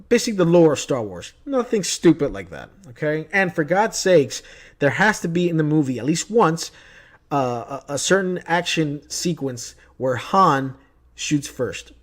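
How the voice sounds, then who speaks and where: A man vlogging casually about movie news, chatty and opinionated, telling stories from his day. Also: a little high. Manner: chatty, opinionated, tells anecdotes.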